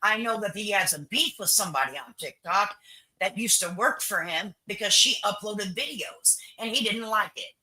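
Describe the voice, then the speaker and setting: An older woman hosts a casual livestream, talking bluntly and repeating her points. Her voice is strikingly bright and sharp, and her pitch swings widely as she talks. She swears freely and sounds firmly opinionated. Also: expressive, moderate pace, poor audio. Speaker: livestream host. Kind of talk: casual chat with viewers.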